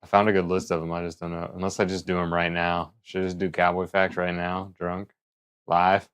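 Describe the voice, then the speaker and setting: A male streamer chatting casually on a live stream, rambling and thinking out loud. His voice is low and deep. It is smooth and resonant. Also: completely flat delivery, brisk. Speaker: livestreamer.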